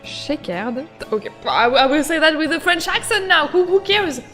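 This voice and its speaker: A young woman casually commenting while playing a game, giggly, excitable and rambling. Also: high-pitched, normal speed, soft background music. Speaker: game streamer. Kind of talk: casual let's-play commentary.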